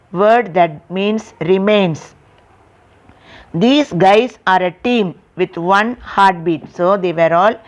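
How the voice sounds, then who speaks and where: A woman teaching an English poetry lesson, explaining lines and literary terms to her students and spelling words out letter by letter. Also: mid-range voice. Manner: addresses students directly, asks rhetorical questions. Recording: dull lo-fi recording.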